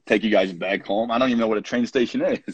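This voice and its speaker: A man in his thirties from Poland, a college soccer coach, telling lively anecdotes as a podcast guest and acting out his own quoted lines. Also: fairly low pitch, fast, husky, poor audio. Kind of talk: casual storytelling interview.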